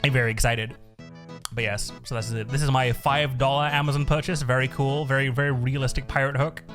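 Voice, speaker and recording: A man with a mid-range, fairly bright voice talks briskly and in a steady tone during a live stream. He chats casually and rambles, swearing a lot and laughing often, while faint music loops in the background.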